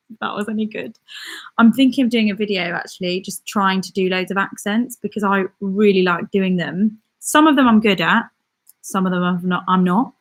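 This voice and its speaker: A woman's voice: mid-range voice, a bit bright. A young British woman hosting a live stream, chatting casually and giggling as she reads out viewer comments. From Britain. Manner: chatty and giggly, with frequent ums and laughs.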